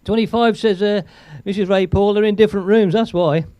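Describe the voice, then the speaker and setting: This live stream host from England chats and rambles, laughing a lot as he reads out what viewers write. He speaks a little fast in a high, steady, mellow voice, with no echo in the sound.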